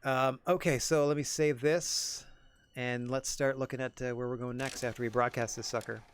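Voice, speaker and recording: A man streaming a game, chatting casually in a rambling, self-effacing, soft-spoken way. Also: medium pitch, steady tone, moderate pace, a little hiss or hum. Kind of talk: casual chat while playing.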